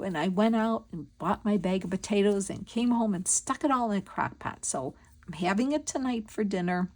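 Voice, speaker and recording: A woman's voice: medium pitch, moderate pace, a little mellow. A woman hosting a crafting video, chatting casually and telling stories while she works. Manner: chatty, storytelling, thinks aloud while working. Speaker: crafting channel host.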